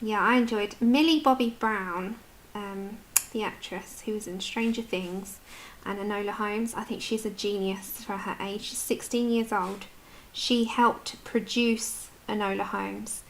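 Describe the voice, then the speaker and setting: A woman's voice: mid-range voice, fairly even intonation, unhurried, slight background noise. A British woman in her adult years chatting casually with viewers while colouring on a livestream, answering their comments as she goes. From United Kingdom.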